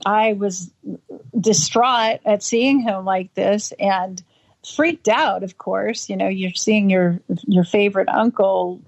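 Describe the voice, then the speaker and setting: Woman retelling an old family story, lots of restarts and little acted-out quotes, kinda dull lo-fi sound. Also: medium pitch. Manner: halting, with many restarts and fillers; lively, acting out voices in quotes. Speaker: interview guest. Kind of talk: recounting a childhood memory. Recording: dull lo-fi audio.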